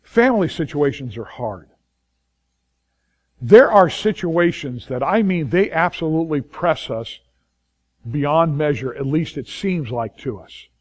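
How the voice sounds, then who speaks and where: A man's voice: on the high side, animated, a little slow, darkish tone. A man preaching a sermon as pastor, emphatic and repeating his key phrases, acting out the inner voices of worried people.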